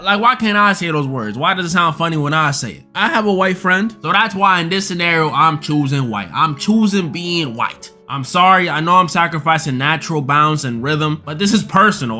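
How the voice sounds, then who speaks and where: Bright, lively man on a comedy video. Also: fairly high pitch, brisk, hardly any pauses, soft background music. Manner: animated, playful, mock-earnest. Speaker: YouTuber answering chat questions. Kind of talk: comedic would-you-rather video.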